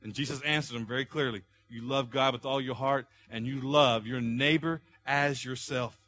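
This male pastor, mid-range in voice and moderate in pace, climbs to loud, fervent pleas in his sermon. Afterward he settles back into a quieter teaching tone.

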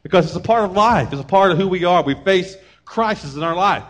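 A man preaching a sermon to mothers, energetic and conversational, acting out short scenes of family members as he goes. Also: high voice, fairly quick. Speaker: pastor.

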